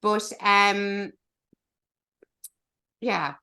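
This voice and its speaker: Woman, podcast co-host, bright tone, chatty and animated. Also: mid-range voice, very slow, vocal fry. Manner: chatty, animated, swears for emphasis. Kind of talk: casual movie review chat.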